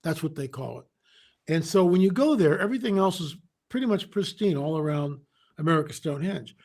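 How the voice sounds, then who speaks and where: Higher-pitched man telling a story. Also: fairly quick. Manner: animated, re-enacts dialogue, frequent restarts. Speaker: guest. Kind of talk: casual interview storytelling.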